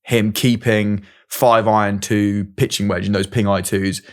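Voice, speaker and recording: A man's voice: fairly low pitch, flat delivery, unhurried. A man hosting a podcast, chatting casually and jokily while giving gear advice. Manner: chatty, jokey, gives friendly advice. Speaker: podcast host.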